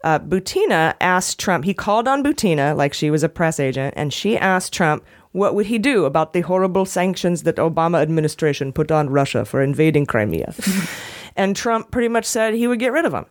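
A woman's voice: low-pitched, lively intonation, fairly quick. A woman hosting a casual news podcast, wry and often laughing as she talks. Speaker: podcast host.

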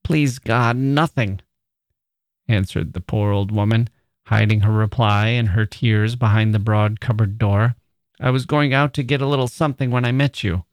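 A man voicing a poor, anxious old aunt with a husky, tearful voice. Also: on the low side, fairly even intonation, no echo, studio quality, close to an everyday voice. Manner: husky, hurried.

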